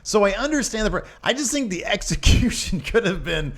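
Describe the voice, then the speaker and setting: A young adult man from the United States co-hosting a casual wrestling review podcast, animated and jokey, slipping into quick put-on voices. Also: high voice. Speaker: podcast co-host.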